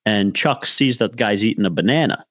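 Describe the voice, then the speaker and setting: Speaking at a normal speed in a fairly low, expressive voice, a man co-hosting a podcast spins a meandering fishing tale. He restarts his sentences and performs the other people's lines himself. The audio has no echo.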